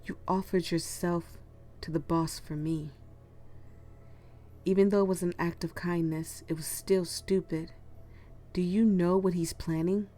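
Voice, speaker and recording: A woman's voice: on the low side, fairly even intonation, measured pace, pauses often, dark tone, close to an everyday voice. A woman reading the lines of a brooding, blunt young man from a story game, in her own everyday voice. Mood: stern.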